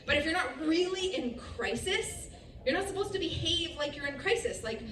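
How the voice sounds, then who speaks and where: A woman from the United States giving an animated storytelling talk to a festival audience, often laughing and acting out what other people said. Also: very high-pitched, normal speed, a little hiss or hum. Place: festival stage. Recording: echoey venue, speaker heard from a distance with faint ambience.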